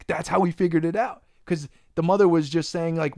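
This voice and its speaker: Recorded with dry, close sound and no echo, this Long Island, New York podcast host talks fairly quickly with few pauses in a highish voice. His casual podcast chat turns into animated, profane ranting, peppered with plenty of "bro."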